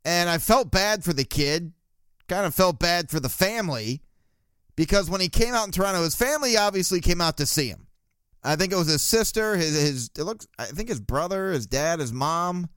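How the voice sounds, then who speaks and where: Male podcast host, solo sports rant, blunt and crude, smooth slightly high voice, dry close sound. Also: lively intonation, normal speed, a bit bright, no room sound. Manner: blunt, crude ranting with laughs. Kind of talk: casual solo sports talk.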